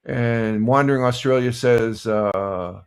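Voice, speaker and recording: An older man hosting a casual live stream, chatting in a relaxed, rambling way with lots of fillers and restarts. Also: mid-range voice, slow, clear, resonant tone. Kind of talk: casual morning chat reading sports scores and viewer comments.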